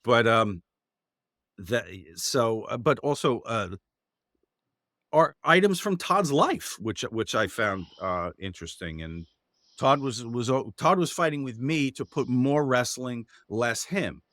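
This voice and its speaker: A man hosting an interview, speaking haltingly with fillers and restarts. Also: medium pitch, expressive, a bit bright, dry recording, studio quality. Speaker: interviewer, book co-author. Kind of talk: conversational interview.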